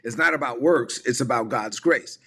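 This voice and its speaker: A man's voice: medium pitch, normal speed, pushed and bright, slightly rough. A man preaching a sermon to an online audience, emphatic and repetitive, calling on listeners to repeat lines aloud. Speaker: pastor.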